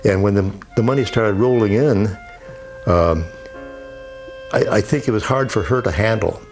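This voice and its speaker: A man with a gravelly voice speaking in a documentary interview. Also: lowish voice, moderate pace, faint music behind.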